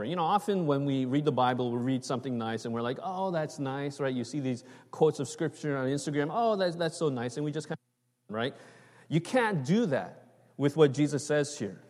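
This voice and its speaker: A man's voice: medium pitch, brisk, a little mellow. A man giving a conversational sermon, often checking in with "right?" and "okay?". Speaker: preacher. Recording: long reverb of a large hall.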